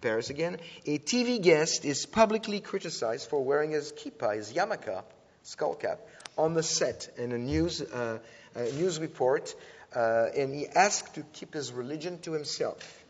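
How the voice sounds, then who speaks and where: Speaking at a moderate pace in a slightly high voice, this church teaching speaker addresses his audience in a chatty sermon style. He frequently corrects himself and retells things with animation; the recording is dull, lo-fi, and echoey from the hall.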